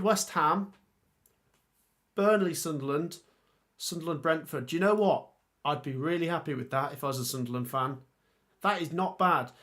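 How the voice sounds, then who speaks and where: A young man chats casually on a live stream, thinking aloud and reacting to viewer comments as he goes. His voice sits a little higher than most men's. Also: a bit bright. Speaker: football channel host.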